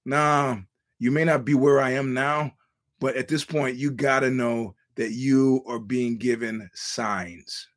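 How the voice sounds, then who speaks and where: A man's voice: medium pitch, steady tone, unhurried. Male solo podcast host, blunt and profane, ordinary mid-range voice. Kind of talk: ranting solo podcast monologue.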